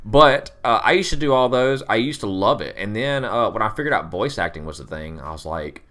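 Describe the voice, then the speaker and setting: Very deep-voiced, lively young man. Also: a little fast. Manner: animated, laughs easily, tells stories. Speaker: podcast co-host. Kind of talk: casual chat.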